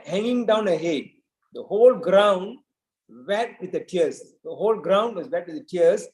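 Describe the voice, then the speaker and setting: A man's voice: sits high, darkish tone, echoey room, poor audio. A man giving a devotional scripture talk, retelling a story and often checking in with "right?". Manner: storytelling with frequent "right?" asides. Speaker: preacher.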